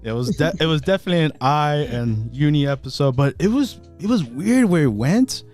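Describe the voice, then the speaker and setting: A man's voice: a little high, lively intonation, fairly quick, darkish tone, soft background music. A man co-hosting an anime podcast who laughs often and stumbles over his words in casual chat. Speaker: podcast co-host.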